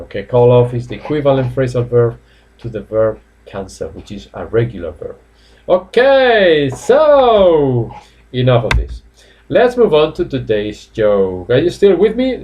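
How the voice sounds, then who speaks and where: A man's voice: medium pitch, very animated, darkish tone, slight background noise. Chatty man teaching an English class. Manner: chatty, repeats each phrase slowly. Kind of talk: live online class. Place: home.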